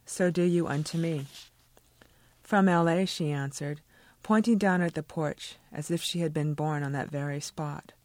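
A woman's voice: sits low, a little mellow, dry recording. Woman reading her novel aloud. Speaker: author.

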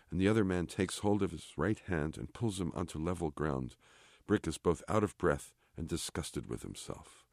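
A man, the author, reading a chapter of his novel aloud in a measured, even way. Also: low-pitched, no room sound, clean studio sound. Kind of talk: literary reading.

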